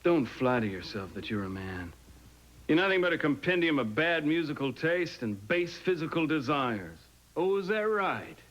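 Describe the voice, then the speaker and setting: A man's voice: fairly high pitch, big pitch swings, moderate pace, a bit bright, highs cut off. An actor playing a pompous, wordy, haughty man in a soap opera. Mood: indignant.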